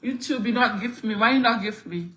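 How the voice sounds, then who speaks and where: A woman livestreaming, laughing loudly and thanking viewers for their gifts in a playful, patois-tinged way. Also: a little high, brisk, slight background noise.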